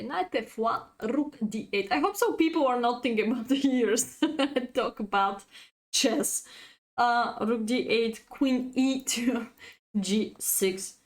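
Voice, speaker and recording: A woman chess coach, a native Bulgarian speaker, giving a live-streamed lesson, chatty and laughing often as she reads out chat. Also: a little high.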